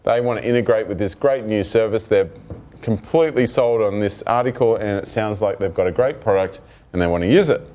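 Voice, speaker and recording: A man's voice: fairly low pitch, fairly quick. A man presenting a developer talk and telling a workplace story with acted-out dialogue. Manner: animated storytelling, acts out dialogue. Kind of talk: technical talk to an audience.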